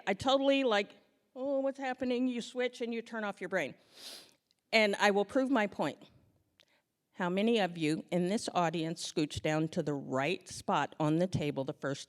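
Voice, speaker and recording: A woman's voice: fairly high pitch, big-room sound. A woman on stage telling a comic story about her own life to a live audience, acting out the scenes with self-mocking humor.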